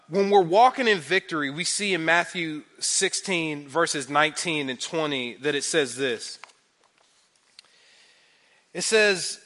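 A man in his thirties preaching a conversational sermon, animated, repeating phrases for emphasis and using many fillers. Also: on the high side. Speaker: pastor.

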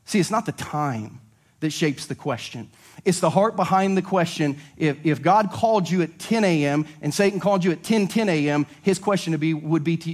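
A male pastor preaching a sermon, animated and acting out little dialogues as he goes. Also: a little high, fairly quick.

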